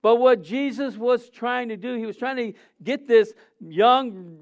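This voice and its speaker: A middle-aged man preaching from the pulpit in a high voice. His tone is smooth and resonant as he speaks to the congregation like a friend, repeating himself and stopping to rephrase. He often throws questions out to the room. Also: measured pace, few pauses. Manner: conversational preaching with rhetorical questions and repetition; frequent restarts and self-corrections. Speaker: senior pastor. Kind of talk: sermon.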